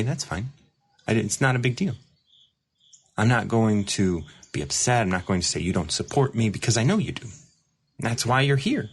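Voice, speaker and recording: A deep-voiced male host, who is also a recovery mentor, gives a casual livestream monologue. His talk is rambling and reflective, full of fillers and restarts, and he reads viewer comments aloud.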